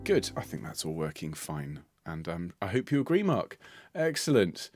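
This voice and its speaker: A jovial British man hosts a choir livestream, chatting playfully with viewers and laughing often. His voice sits low, and the sound is dry and close, with no room around it. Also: sing-song, moderate pace, a little mellow, no room sound, soft background music. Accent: British English. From United Kingdom. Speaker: choir leader hosting a livestream.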